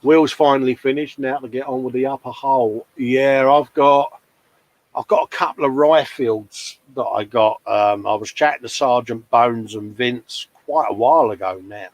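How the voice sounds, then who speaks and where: A chatty, jokey man in his forties hosts a relaxed live show about building models from his hobby workbench, frequently addressing folks as mate. He speaks at a normal speed in a mid-range voice, with no room sound.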